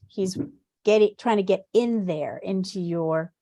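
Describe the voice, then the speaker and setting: A woman's voice: medium pitch, unhurried, mellow, no echo. Rambling, hesitant woman communicator. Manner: rambling, hesitant, many likes and restarts. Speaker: animal communicator. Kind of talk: live online reading.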